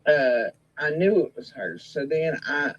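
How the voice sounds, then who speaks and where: A man's voice: on the high side, animated, a little slow, fairly bright tone, lo-fi sound. A man in a casual conversation, talking in a matter-of-fact, profane way with hesitant fillers. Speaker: guest in conversation.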